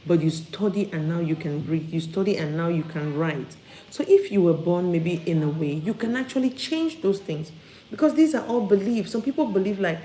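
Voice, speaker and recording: A woman with a low voice delivers an upbeat, live-streamed motivational talk, repeating her key phrases for emphasis. Her voice carries a roomy echo, with a faint hum of background noise. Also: mellow. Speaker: motivational speaker. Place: at home.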